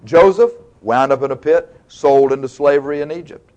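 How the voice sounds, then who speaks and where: A man's voice: fairly high pitch, moderate pace, darkish tone. A man preaching a sermon, retelling stories in a folksy, colloquial, dramatic way. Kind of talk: sermon, storytelling.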